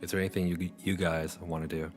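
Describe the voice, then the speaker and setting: A man narrating as game master of a tabletop game, describing things in a relaxed, unhurried way. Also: low voice, faint music behind.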